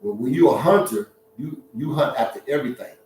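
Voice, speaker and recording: This social media talk host has a medium-pitched, somewhat dark voice with lively intonation and a slightly quick pace. He keeps his live-stream monologue casual, joking, laughing a lot, and doing voices. The recording has a bit of hiss or hum, sounds echoey, and was made far from the microphone.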